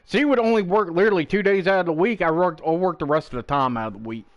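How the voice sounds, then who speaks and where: A man's voice: sits high, fast. A man streaming a game, chatting casually as he tells a story, swearing freely and acting out the people he quotes. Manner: profane, animated, acts out quoted people in the story. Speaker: gaming streamer.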